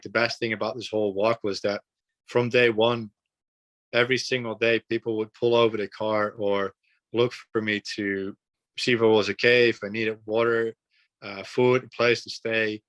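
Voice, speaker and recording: A young man from the Netherlands, a podcast guest telling a story in an earnest, relaxed way, with frequent fillers and repeated words. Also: fairly low pitch. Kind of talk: casual storytelling.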